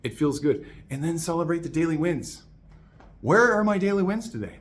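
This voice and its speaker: A man coaching listeners in an energetic, emphatic motivational monologue, calling them "my man". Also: on the high side, normal speed.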